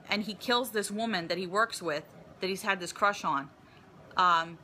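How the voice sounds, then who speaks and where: Chatty woman reviewing movies, bright voice. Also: on the high side, slight background noise. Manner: chatty, rambling with fillers and restarts.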